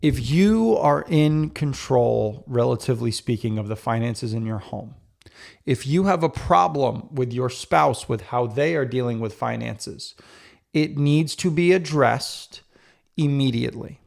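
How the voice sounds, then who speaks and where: A man's voice: mid-range voice, lively intonation, measured pace, creaky, darkish tone. A married man hosting a podcast, talking candidly and self-critically and speaking directly to the men listening. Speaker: podcast host. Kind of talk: casual solo podcast talk.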